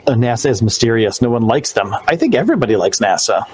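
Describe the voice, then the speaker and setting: A man's voice: mid-range voice, big pitch swings, fast talker, a little mellow, husky, low-quality recording. A man hosting a podcast, chatting casually, rambling with loose restarts and fillers. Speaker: podcast host. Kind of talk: casual live-stream chat. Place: New York.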